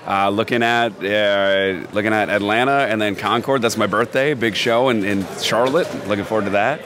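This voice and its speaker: A man, a wrestling broadcaster, chatting as a guest in a friendly, relaxed way. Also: on the low side, moderate pace. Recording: noisy crowd behind.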